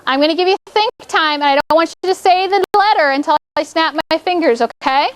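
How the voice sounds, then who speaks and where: Woman, elementary teacher, very high voice, encouraging classroom delivery, checks in constantly. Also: fairly quick, dry recording. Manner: encouraging, checks in with "okay?" often. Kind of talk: classroom spelling lesson.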